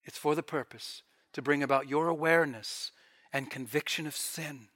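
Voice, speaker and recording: A man preaching a sermon with fervent delivery, swelling loud and dropping to near-quiet. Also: fairly high pitch, moderate pace. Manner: fervent, rising and falling in volume.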